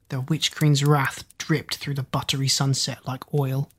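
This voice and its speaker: Low, husky woman narrating. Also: little pitch movement, a little slow, hardly any pauses. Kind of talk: audiobook narration.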